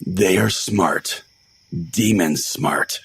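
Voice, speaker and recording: A man's voice: low voice, very slow, creaky, fairly bright tone, breathy edge, no echo, full character voice. A man voicing a pompous, self-righteous, hotheaded small-town pastor in a comedy podcast sketch. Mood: indignant. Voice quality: pompous, blustering. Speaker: host.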